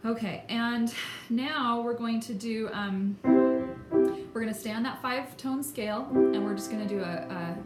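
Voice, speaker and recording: A woman teaching a vocal lesson explains technique in an encouraging, emphatic way. Her voice is a little high and a little slow, heard over loud music in an echoey room with an instrument playing.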